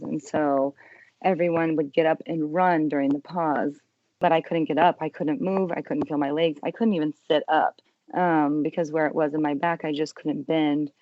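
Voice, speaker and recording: Young adult woman, low voice, earnest guest recounting her ordeal, dry muffled recording. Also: dry recording. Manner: earnest, emotional retelling with quiet hushed quotes. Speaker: podcast guest. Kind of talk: personal testimony in an interview.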